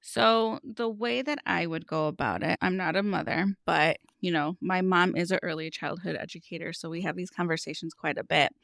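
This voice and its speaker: Thirties woman coach on a podcast, lowish gravelly voice, earnest storytelling. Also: normal speed, hardly any pauses, fairly bright tone, no echo, clean studio sound. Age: 30s. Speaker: money coach guest. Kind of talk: casual podcast conversation.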